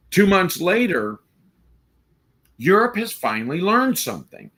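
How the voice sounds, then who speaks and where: A man's voice: high voice, sing-song, slow pace, bright, forceful tone. A man hosting a live stream, giving emphatic, rambling opinions and slipping into mocking quoted asides.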